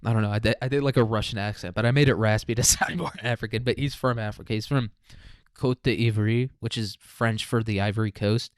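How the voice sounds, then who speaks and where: A man's voice: fairly low pitch, fairly even intonation, fairly quick, clear, resonant tone, dry recording, clean studio sound. Rambling, profane young man. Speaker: podcast host. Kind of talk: casual solo podcast.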